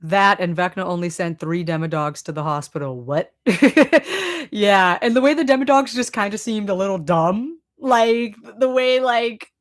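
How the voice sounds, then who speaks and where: A woman's voice: medium pitch, moderate pace. Chatty Boston woman streamer. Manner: chatty, many fillers, laughs often. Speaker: streamer reading chat. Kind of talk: casual live stream chat.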